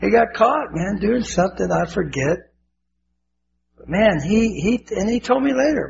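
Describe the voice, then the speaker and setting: Older guy preaching hard, high gravelly voice, dull lo-fi sound with faint hiss. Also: expressive, unhurried. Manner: fervent, emotional preaching with repetitions. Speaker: pastor. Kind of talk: sermon.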